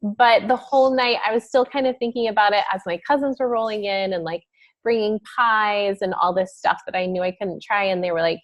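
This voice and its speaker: A woman hosting a wellness group on a video call, telling a story in a chatty, animated way with lots of fillers. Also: mid-range voice, fairly quick, muffled recording.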